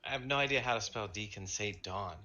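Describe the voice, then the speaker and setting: A man's voice: on the low side, a little fast, pushed and bright. A man co-hosting a casual podcast, mostly chiming in with short reactions. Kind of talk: casual chat.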